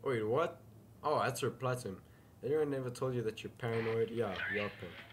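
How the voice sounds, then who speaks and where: A man's voice: medium pitch, fast, heavy background noise. A young man commentating a horror game he is playing, casual and easily startled, often calling people dude. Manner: jumpy, says dude a lot, shouts when startled. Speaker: gaming youtuber. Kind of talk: casual let's-play commentary.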